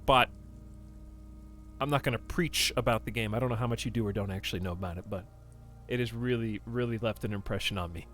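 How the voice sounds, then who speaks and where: A man's voice: on the low side, fast, fairly bright tone, soft background music. A man streaming a game, rambling casually and talking straight to his chat. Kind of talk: casual livestream chat while playing a game.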